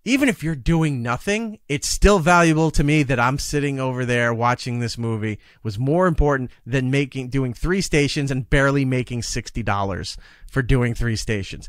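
A man's voice: medium pitch, normal speed, dry recording, clean studio sound. A man talking as a podcast guest and radio broadcaster in casual conversation, telling stories emphatically and acting out the dialogue. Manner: animated storytelling, acting out dialogue; emphatic, exasperated about work demands.

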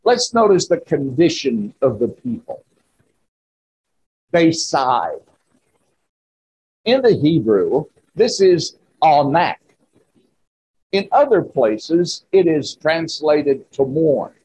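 A man preaching a sermon in church, slow and emphatic with rising exclamations. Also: on the high side, big pitch swings, dark tone, slight background noise, low-quality recording. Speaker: pastor.

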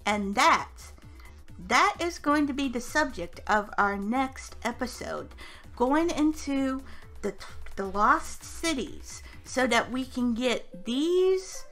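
Casting note: woman host with a high voice, upbeat and chatty, walks through the game step by step over faint music. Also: animated, slow, fairly bright tone. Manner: upbeat, chatty, narrating each step aloud. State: hiccups. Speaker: gaming channel host. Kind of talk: casual let's-play commentary.

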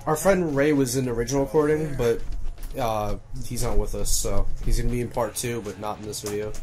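A man's voice: medium pitch, brisk, soft background music. A young man co-hosting a casual game let's-play, talking over the gameplay, swearing and steering the player. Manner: excitable, swears, directs the player. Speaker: let's-play co-host and editor. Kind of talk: casual gaming chat. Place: home room with TV game audio.

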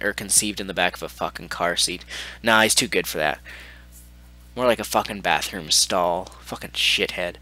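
A man's voice: lowish voice, pushed and bright. A man hosting a gaming video, reading messages aloud and ranting about them in a profane, exasperated tone. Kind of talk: angry commentary reading out messages.

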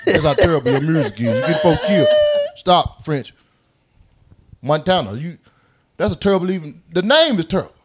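Male podcast host, high voice, wide swoops, loud casual banter. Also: a little fast, a little hiss or hum. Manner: loud, animated, laughing and cursing. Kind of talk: casual group chat.

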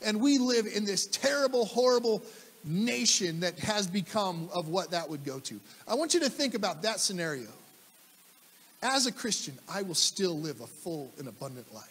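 A male pastor delivers a sermon in a high, lively voice that rises and falls widely. He stresses key phrases by repeating them and asks his listeners questions. His voice rings with the long reverb of a church hall. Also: normal speed. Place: church sanctuary.

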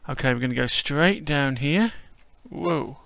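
A man's voice: fairly high pitch, animated, unhurried, gravelly, a bit bright, dry recording. A man narrating a casual walkthrough as host, chatty and whimsical.

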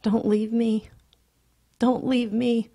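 A woman voicing a frail, timid little boy who clings and pleads, in a soft, raised voice. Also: medium pitch, a little slow, gravelly, husky, no room sound, pitched above the performer's own voice, exaggerated voice. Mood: pleading.

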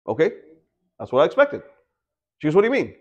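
A man with a high voice preaches to a small house church. He keeps it conversational, checks in with the congregation and briefly voices the people in his examples. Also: huge pitch swings, fast talker, slightly rough, lo-fi sound. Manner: conversational preaching, acts out quoted voices, asks the congregation questions. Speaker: pastor. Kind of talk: sermon.

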